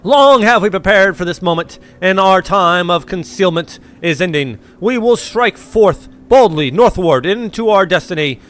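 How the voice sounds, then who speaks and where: A man reading aloud the lines of a zealous male cult leader from a game, slow and proclaiming, now and then tripping over words. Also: high voice, animated, fairly bright tone. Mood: grandiose.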